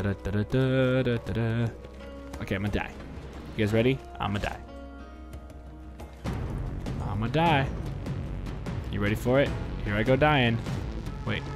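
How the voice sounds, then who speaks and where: A man giving goofy, rambling commentary while playing a video game, his voice worn out from a day of talking, keeping it down because people are asleep and joking at the enemies on screen. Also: on the low side. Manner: rambling, jokey, talks back at game enemies. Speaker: let's play commentator.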